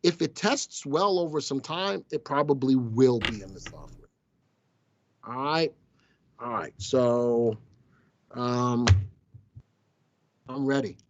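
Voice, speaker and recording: A man's voice: medium pitch, lively intonation, takes it slowly, pauses often, dull audio, background noise. A man hosting a casual live stock-market show, teasing his viewers and crew as he talks. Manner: playful, teasing banter with chat. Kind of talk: casual live-stream commentary.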